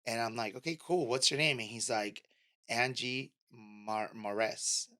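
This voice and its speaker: A man's voice: medium pitch, unhurried, pushed and bright, no room sound, clean studio sound. A man in a casual interview, telling stories as a guest and acting out the lines of people in them. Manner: storytelling, acts out quoted dialogue. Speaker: podcast guest and media host.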